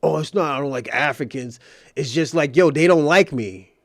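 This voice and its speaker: Quoted-father bit: a man doing his older dad, soft-spoken and gently reproachful, lower and quieter than his own talk. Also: normal speed, no echo, studio quality. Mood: mild scolding.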